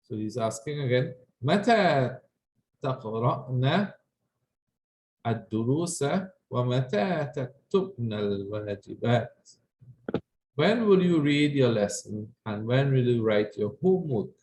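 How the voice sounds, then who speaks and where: A man's voice: mid-range voice, animated, normal speed, a little mellow, echoey room, slight background noise. A man teaching an Arabic class, patiently explaining grammar and checking in with his students. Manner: patient, repeats phrases, checks with "right?".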